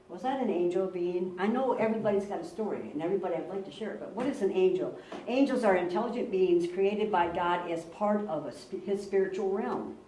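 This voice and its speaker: A woman's voice: on the low side, dark tone, slight background noise. A woman pastor giving a sermon, telling personal stories earnestly and repeating words for emphasis. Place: church. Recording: roomy church, recorded from a distance.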